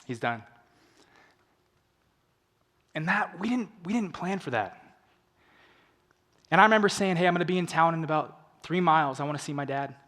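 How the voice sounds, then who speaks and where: A young man with a slightly high voice tells a personal story to an audience. He drops to hushed, emotional lows and rises to urgent appeals. His voice rings with the long reverb of a large event hall. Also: brisk. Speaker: motivational speaker. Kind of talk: inspirational stage talk.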